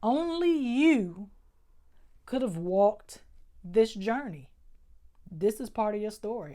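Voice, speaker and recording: In a medium-pitched voice with lively intonation and a dark tone, a doctorate-holding woman reads tarot casually, moving slowly with long pauses. She's emphatic, repeats phrases and talks right to her audience.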